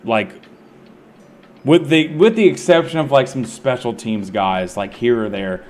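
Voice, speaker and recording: A man's voice: medium pitch, unhurried, darkish tone. Laid-back, profane male streamer. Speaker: game streamer. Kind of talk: casual chat while gaming.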